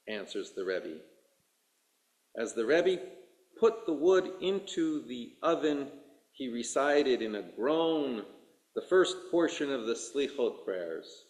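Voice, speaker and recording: A rabbi reading a story aloud during a sermon, slowly and expressively, giving voices to the characters. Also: male voice, medium pitch, sing-song, darkish tone. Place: synagogue sanctuary. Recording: echoey room.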